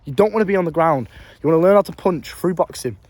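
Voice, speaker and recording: Young English man, rapid and slightly high-pitched, blunt and sweary, filming on his phone. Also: lively intonation, a little mellow, dry recording. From England. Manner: blunt, profane, emphatic with street slang. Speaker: vlogger. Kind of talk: casual storytelling advice.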